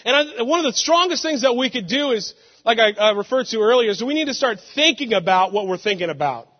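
Young male pastor, lively storytelling sermon, muffled recording. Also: very high voice, brisk. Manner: animated, laughing storytelling with sudden loud outbursts. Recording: muffled sound with long hall reverb.

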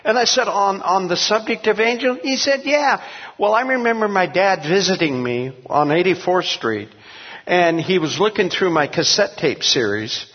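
An older man who is a pastor, telling his story earnestly, halting with many restarts. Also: high voice, expressive, husky. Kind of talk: testimony in an interview. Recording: dull recording in a long-echo room.

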